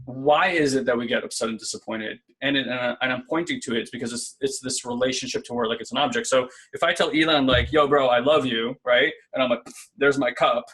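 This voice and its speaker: A man's voice: medium pitch, quick pace, hardly any pauses, pushed and bright. A man co-hosting a casual spiritual self-help talk, earnest and conversational, often checking in with "right?". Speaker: podcast co-host.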